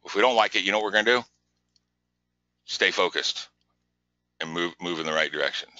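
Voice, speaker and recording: Bright, pushy man hosting a webinar. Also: deep voice, a little fast, no room sound, dull audio. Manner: energetic, repetitive, pushy coaching. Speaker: webinar host. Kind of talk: live business webinar talk.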